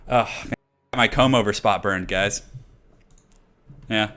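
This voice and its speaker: Bright-voiced chatty male game streamer. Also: fairly low pitch, slow pace. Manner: chatty, thinks aloud, laughs often. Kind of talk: casual live-stream commentary.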